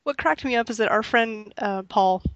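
A woman's voice: fairly high pitch, normal speed, a bit bright, dry recording, highs cut off. Woman, co-host, casual chat, wry dry humor, close dry sound.

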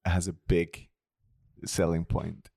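A man's voice: sits low, completely flat delivery, creaky, mellow. A man co-hosting a casual podcast chat, cracking jokes and teasing his friends. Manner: joking, teasing, quick wisecracks. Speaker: podcast co-host.

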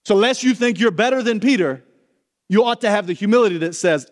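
Man, pastor, sermon, earnest, direct questions, high voice, long hall reverb. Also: expressive, fast talker.

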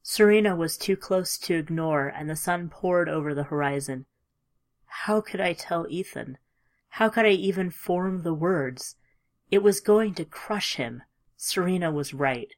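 Slow, low-voiced woman narrating a story. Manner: measured, emotive, at times hushed. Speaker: audiobook narrator. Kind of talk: scripted audiobook narration.

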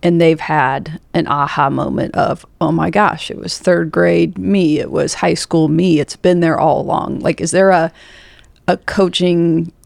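A podcast host asking thoughtful, measured interview questions. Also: medium pitch, fairly even intonation, creaky, no room sound.

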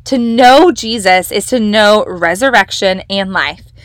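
Leading a devotional on her podcast, a young woman speaks at a medium pitch and an unhurried pace. Her Bible teaching is relaxed, eager, and emphatic, and there's no echo on the audio.

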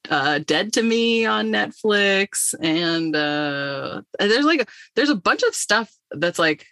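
A woman's voice: medium pitch, lively intonation, slow pace, a bit bright, no room sound. A young woman, an actress and comedian, chatting casually as a podcast guest, laughing often and filling gaps with ums.

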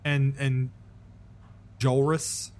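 A man's voice: medium pitch, little pitch movement, extremely slow, a little mellow. A man co-hosting a casual chat, filling in and correcting story details with hesitant fillers. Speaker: podcast co-host.

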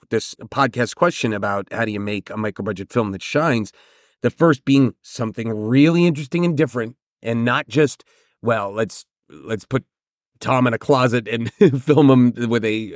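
A man's voice: on the low side, no room sound, clean studio sound. A man hosting a solo filmmaking podcast, giving advice in a conversational, emphatic way and often checking in with "right?".

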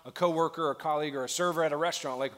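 A male pastor delivers an earnest storytelling sermon in a slightly raised voice that carries a long reverb through a large church auditorium. He builds from quiet narration to fervent exhortation. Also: fairly high pitch, steady tone, rapid-fire.

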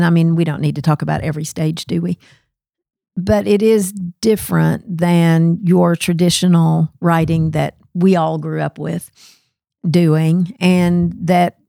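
Woman co-host for a casual panel chat; husky-low, gravelly texture, dry studio sound, reflective and tentative. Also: fairly even intonation, takes it slowly, warm tone, no room sound. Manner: thinks aloud, self-questioning, laughs easily. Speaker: curriculum podcast co-host.

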